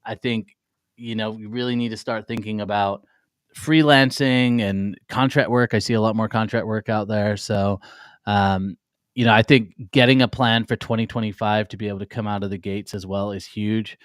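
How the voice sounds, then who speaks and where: A man from England co-hosting a morning talk show in a relaxed, chatty way with plenty of fillers. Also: lowish voice, normal speed, clean tone, no echo, studio quality. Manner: laid-back, chatty, lots of fillers. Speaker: co-host. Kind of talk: casual chat.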